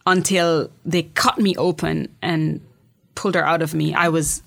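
A woman's voice: low voice, steady tone, measured pace, gravelly. A woman with a Jamaican accent, a poet and memoirist guest, telling personal stories candidly and emphatically, often repeating words as she starts a sentence.

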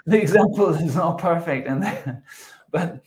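A man's voice: on the high side, measured pace, a little mellow. A man with a South American Spanish accent, a native Spanish speaker, patiently explaining grammar as a co-host of a podcast lesson. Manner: patient explaining, chuckles at slips. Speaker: English teacher, podcast co-host.

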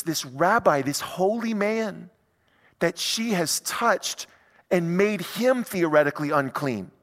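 A male pastor preaching a sermon in a conversational, animated way, full of rhetorical questions. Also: sits high, in a large hall.

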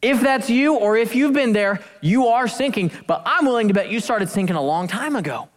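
A woman preaching a sermon, animated and emphatic, with jokey asides and slowed-down key phrases. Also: on the high side, long reverb tail.

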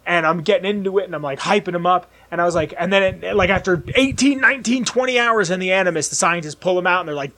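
A young man with a notably high voice, chatting casually as a co-host. He tells stories in a rambling, excitable way and acts out the characters as he goes. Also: quick pace, few pauses. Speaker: podcast co-host. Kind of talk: casual chat, animated storytelling.

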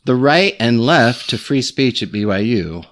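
Lively joking man hosting a podcast. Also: mid-range voice, measured pace, a little hiss or hum. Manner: joking, lively, reads news aloud. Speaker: podcast host. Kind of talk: casual podcast chat.

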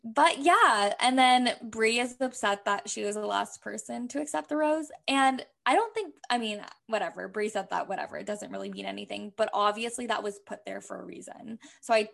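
A woman's voice: medium pitch, moderate pace, vocal fry, hardly any pauses, fairly bright tone. A young woman co-hosting a casual podcast, chatty and laughing often, full of fillers. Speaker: podcast co-host. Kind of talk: casual chat.

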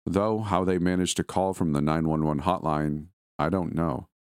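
A man with a very low, deep voice tells a first-person horror story. His delivery is steady and measured, recorded dry and close with no room sound. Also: clean tone, dry recording.

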